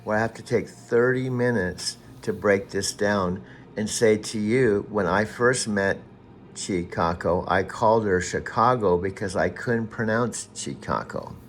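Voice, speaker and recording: A man in casual chat who slowly spells out names syllable by syllable, growing exasperated. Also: lowish voice, a little hiss or hum. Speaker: user talking to an AI assistant.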